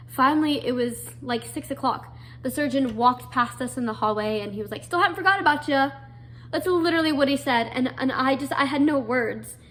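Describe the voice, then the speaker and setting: A woman's voice: high-pitched, a little fast. A young adult woman earnestly telling a personal story, full of fillers and restarts. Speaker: guest telling her story.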